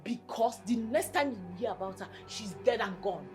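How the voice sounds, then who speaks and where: An actress with a Nigerian accent playing a spiteful, scheming woman who talks in a sharp, commanding way. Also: a little high, expressive, moderate pace, soft background music, close to an everyday voice. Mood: vicious. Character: spiteful scheming woman, hostile to her stepdaughter.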